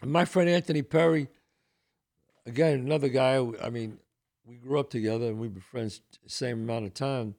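Here an older man with a Bronx New York accent spins casual stories on his podcast, animatedly impersonating the people he quotes. He speaks at a normal speed in a mid-range voice.

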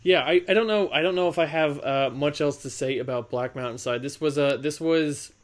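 A man's voice: fairly high pitch, a little fast. A man co-hosting a film podcast, talking casually and hesitantly with ums and repeated words. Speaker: podcast co-host. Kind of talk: casual chat.

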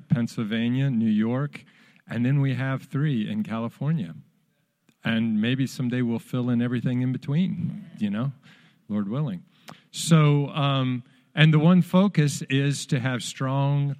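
A man's voice: medium pitch, a little mellow. A man in his fifties, a visiting pastor, giving friendly, plainspoken greetings to a congregation. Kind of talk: church greeting.

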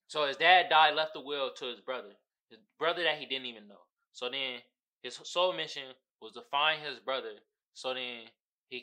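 A man hosting a casual podcast, telling a story in a profane, slangy way. His voice is very bright and sharp, and his pitch swings all over the place. He laughs often and acts out the people in the story. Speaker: podcast host. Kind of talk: casual comedic podcast monologue.

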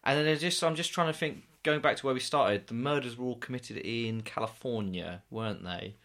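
A man's voice: medium pitch, fairly quick, fairly bright tone. A man co-hosting a comedy podcast, dry and bemused, playing the skeptic. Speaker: podcast co-host.

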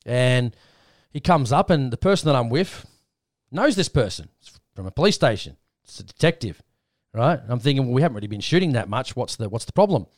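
Speaking fairly quickly in a mid-range voice, this Australian man hosts a podcast and spins a meandering yarn, doing voices for the people he quotes. It's a lively, casual retelling captured in a dry studio recording.

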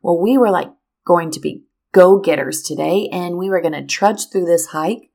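A middle-aged woman telling a personal story to teachers, animated and speaking straight to her listeners. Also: fairly low pitch, moderate pace, creaky. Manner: animated, addresses listeners directly.

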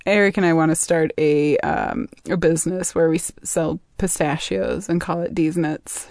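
A woman's voice: sits low, steady tone, normal speed, creaky, a little mellow, dry recording, studio quality. A young adult woman co-hosting a podcast, chattily recapping a book with fillers and laughs. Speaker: podcast co-host. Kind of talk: casual book discussion.

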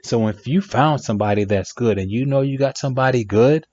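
A man's voice: mid-range voice, fairly quick, a little mellow, no room sound. A man giving relationship advice in a reflective monologue, emphatic and repeating phrases for effect. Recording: dry, dull lo-fi sound.

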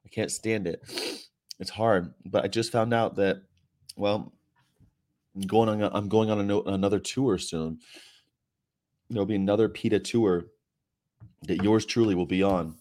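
Low-voiced sarcastic man livestreaming. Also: moderate pace, long pauses, darkish tone. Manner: sarcastic, joking, rambling. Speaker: vegan activist livestream host. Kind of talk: casual livestream chat reading viewer comments. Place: hotel room.

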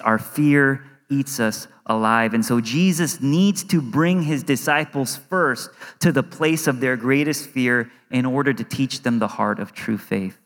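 A man in his thirties, a pastor giving an earnest, conversational sermon in a church, now and then acting out inner worries in quick asides. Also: medium pitch, fairly bright tone. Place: church sanctuary. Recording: reverberant hall.

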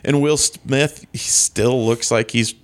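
A man's voice: medium pitch, steady tone, slow pace. A man in a casual conversation about movies, making wry, laughing remarks and mock-disgusted asides.

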